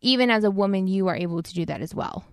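A woman's voice: medium pitch, fast talker, dry recording, clean studio sound. Earnest woman co-hosting a faith podcast. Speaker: podcast co-host. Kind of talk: casual faith podcast discussion.

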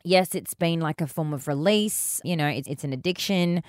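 A woman's voice: deep voice, normal speed, darkish tone, dry recording. A woman co-hosting a podcast in a studio, chatting frankly and swearing casually. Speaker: podcast co-host. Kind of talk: casual chat.

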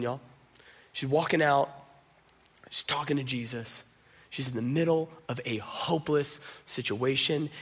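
A pastor preaches a conversational sermon in a mid-range voice with vocal fry, a fairly bright tone and a breathy edge. Casual and direct, he talks to the congregation as "y'all" and uses the filler "like".

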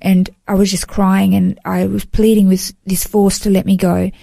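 An earnest woman recounts a personal story in a warm, mellow voice that sits at an ordinary pitch. She talks in heartfelt, flowing runs, peppered with "you know". The sound is close and dry. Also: little pitch movement, normal speed, vocal fry, dry recording. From Australia. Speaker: guest sharing a personal testimony. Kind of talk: emotional first-person storytelling.

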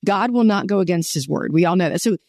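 A woman's voice: on the low side, animated, fast talker, a little mellow, dry recording, clean studio sound. A woman hosting a faith interview, enthusiastic and teacherly, often affirming her guest. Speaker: podcast host.

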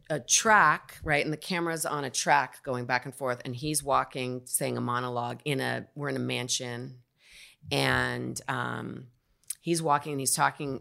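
A woman, an actor guest on a podcast, telling a candid, animated story in casual conversation. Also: rumbling low, vocal fry.

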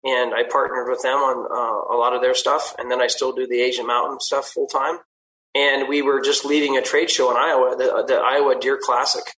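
A man's voice: mid-range voice, flat delivery, brisk, pushed and bright, slight background noise, low-quality recording. A man, a hunting outfitter guest, talking easygoingly and rambling at length. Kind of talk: casual interview chat.

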